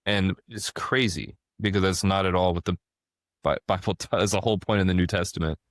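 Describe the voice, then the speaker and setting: A deep-voiced man in his thirties hosts a casual podcast conversation, speaking briskly. He tells animated stories and often restarts his sentences, his voice close and dry without room echo.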